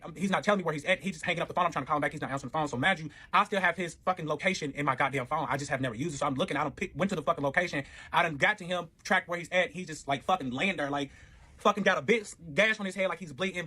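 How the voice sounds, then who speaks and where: A man's voice: fairly high pitch, fast talker, pushed and bright, husky. A man telling his own relationship story in a casual storytime, profane and rambling, with lots of filler and quoted back-and-forth.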